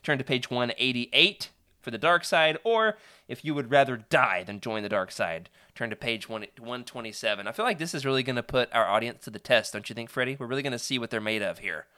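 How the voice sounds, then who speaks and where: Bright lively male stream host. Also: medium pitch, fairly quick, few pauses. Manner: upbeat, laughing, lively. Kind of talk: live-stream chat and reading aloud.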